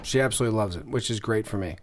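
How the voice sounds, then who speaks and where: A male comedian guest on a podcast, telling animated stories in casual banter and mocking people with impressions. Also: on the low side, racing, a little hiss or hum.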